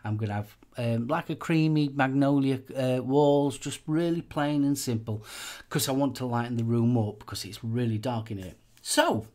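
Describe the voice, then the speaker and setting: A man from England hosts a live vaping show, chatting casually at a moderate pace in a mid-range voice with a darkish tone. He rambles on the stream, using many fillers and repeated phrases.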